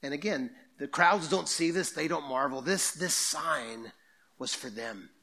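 A man preaching a sermon to a congregation, talking in a conversational way with quick asides and reading scripture aloud. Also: fairly high pitch, crowd noise. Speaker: pastor.

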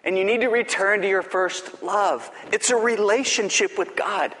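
A man preaching in a church with a slightly high-pitched voice. He swings from loud, climbing exhortation down to hushed, slow emphasis. His words ring out with the long reverb of a large sanctuary. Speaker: pastor. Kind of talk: sermon.

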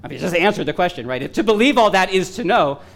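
A man delivering a sermon in a voice pitched a little above the usual for men. He presses his points earnestly and with rising emphasis, slipping in bits of wry humor, and his voice is wearing hoarse. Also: animated, fast talker. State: losing his voice. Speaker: preacher.

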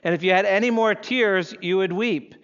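A man's voice: high voice, normal speed, a bit bright, clean tone, highs cut off. A male pastor preaching a sermon, telling a story vividly in the second person and leading the congregation through readings aloud.

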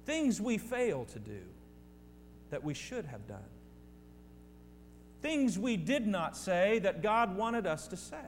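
A man's voice: sits high, sing-song, slow pace, long pauses. A male pastor delivering a sermon, preaching emphatically with repeated phrases and speaking directly to his congregation. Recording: long hall reverb with faint hum.

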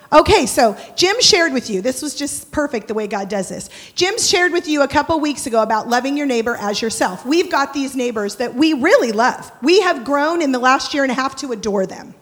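A woman with a high voice delivers a sermon in an animated, humorous storytelling manner. She imitates noises as she speaks. Her voice rings with the long reverb of a large church hall. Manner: animated, humorous, mimics sounds.

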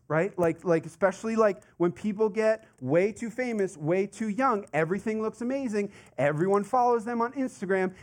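A man preaching a sermon in a conversational, animated way, full of asides and rhetorical questions. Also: high-pitched. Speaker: pastor.

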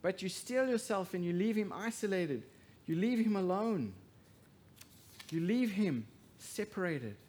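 A man preaching a sermon as pastor, swinging from hushed to loud emphasis and asking the congregation rhetorical questions. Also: high voice, expressive, unhurried.

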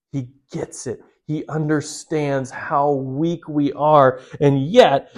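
A man preaching a sermon, earnest and direct, putting questions straight to his listeners. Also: medium pitch. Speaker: pastor.

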